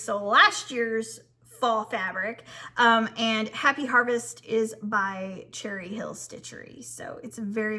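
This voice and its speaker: A woman's voice: on the high side, sharp tone. A woman who designs fabric and runs a shop, chatting casually to viewers with frequent ums and restarts.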